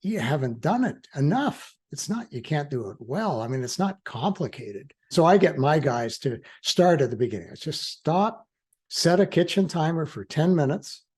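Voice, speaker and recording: An older man appears as an interview guest, an attorney in recovery, speaking earnestly and reflectively with frequent restarts and fillers. His voice sits on the high side, expressive and husky with a darkish tone, at a normal speed, and he laughs easily.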